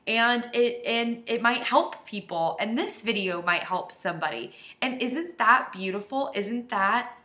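Earnest bright-voiced woman vlogging. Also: on the high side, measured pace, roomy sound. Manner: earnest, heartfelt and emotional. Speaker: life coach. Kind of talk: confessional self-help vlog.

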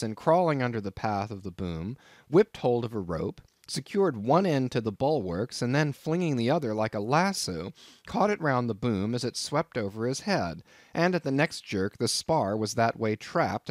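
A man reading a classic novel aloud as an audiobook narrator, in a measured, dramatic storytelling manner. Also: medium pitch, big pitch swings, no room sound, studio quality. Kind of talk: scripted narration.

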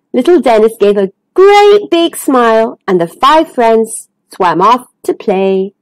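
Expressive woman reading a kids' book. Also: fairly high pitch, measured pace, hardly any pauses. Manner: expressive, sing-song delivery. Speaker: storyteller. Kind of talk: children's picture-book read-aloud.

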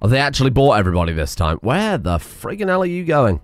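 A man commenting on his gameplay in a lively, sarcastic voice whose pitch swings widely. The sound is close and dry, with no room echo and faint music underneath. He sounds casual and irreverent, and he swears freely. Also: fast talker. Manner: animated, sarcastic, swears, frequent laughter. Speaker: gaming video creator.

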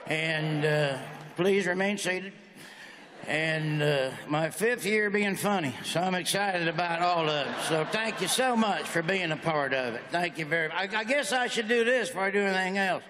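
A man's voice: high-pitched, moderate pace, pushed and bright. A man in his forties doing a stand-up comedy routine with folksy, punchy joke delivery in a large auditorium. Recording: echoey hall with faint noise.

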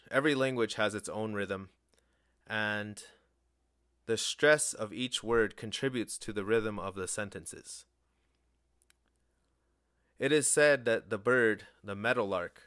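A man teaching a language lesson in a fairly low voice, speaking slowly and deliberately. He sets each word apart as if listing vocabulary. The recording is dry, with no room sound. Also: a bit bright, no echo.

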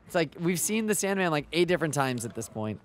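A man's voice: a little high, very animated, fast. A young man co-hosting a gaming video, playful and teasing, chatting casually over gameplay and laughing often. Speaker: gaming channel co-host.

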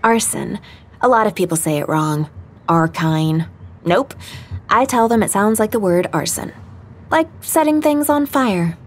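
A woman's voice: medium pitch, animated, normal speed, slightly rough. A woman voicing a blunt, chatty young woman who talks in a matter-of-fact way, in an audio drama.

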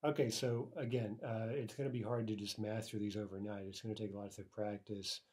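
A man teaching a recorded language lesson. He explains step by step, often asks "right?" and says the example words slowly and carefully. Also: on the low side, steady tone, a little mellow, slightly rough.

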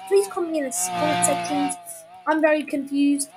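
Young girl with a high voice rambling through a car game, giggly, loud noise behind. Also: sing-song, brisk. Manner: rambling, giggly, easily flustered. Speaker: gaming channel host. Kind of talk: casual gameplay commentary.

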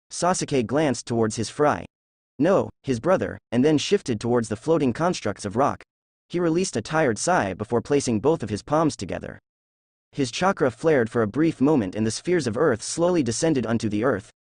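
A young man reading a fan-fiction story aloud at a steady, unhurried pace. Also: mid-range voice, dry recording, clean studio sound.

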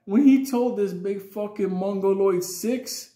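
A man's voice: high voice, unhurried, warm tone. A man telling a childhood story in a casual, rambling, profane way with lots of fillers. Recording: roomy echo.

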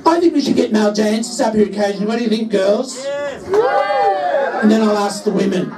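A man's voice: sits high, racing. A drag queen comedian, telling camp, bawdy, swearing jokes on stage. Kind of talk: live stand-up banter. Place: licensed music venue, on stage. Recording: roomy live venue, mic far off, crowd noise.

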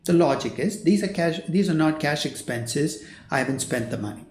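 A man's voice: on the high side, lively intonation, normal speed, darkish tone. An older man who is a finance professor, giving a recorded lecture in a conversational teaching manner. He voices the students' questions himself and repeats his key points. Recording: roomy echo.

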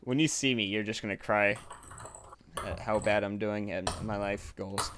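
A man casually commentating his gameplay, panicky and exclaiming, quick to laugh. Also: lowish voice, steady tone, background noise. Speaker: gaming video host.

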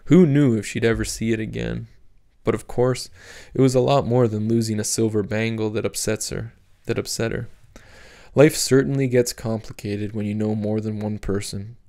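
A man narrating an audiobook chapter in a steady, measured reading. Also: fairly low pitch, vocal fry. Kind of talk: scripted narration.

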